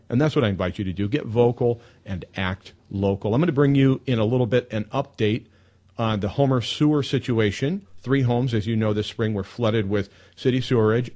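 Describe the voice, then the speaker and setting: A man hosting a live talk radio show, telling stories in an emphatic, animated way into a studio mic. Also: on the low side.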